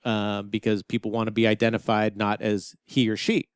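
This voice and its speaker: A man's voice: moderate pace, smooth, dry recording, clean studio sound. A man co-hosting a casual podcast chat, explaining his views with many restarts and acting out quoted dialogue in jumpy voices. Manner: animated, acts out quoted dialogue with pitch jumps; hesitant restarts while explaining. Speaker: podcast co-host.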